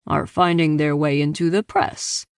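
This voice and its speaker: A woman reading the lines of a stern, wealthy father in his fifties, speaking in a measured, authoritative way. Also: low-pitched, steady tone, smooth, dry recording, clean studio sound.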